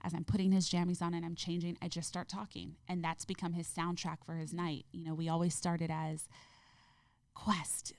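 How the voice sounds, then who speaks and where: This reflective interview features a woman guest with a lower voice whose phrase endings fall into clear vocal fry; her manner is gentle and heartfelt, yet her delivery is completely flat. She talks briskly with hardly any pauses. The audio is close and dry, free of echo.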